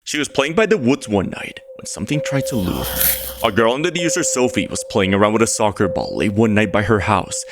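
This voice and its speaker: A man giving scripted narration for a scary video countdown, in a steady, measured storytelling delivery. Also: lowish voice. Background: loud background music.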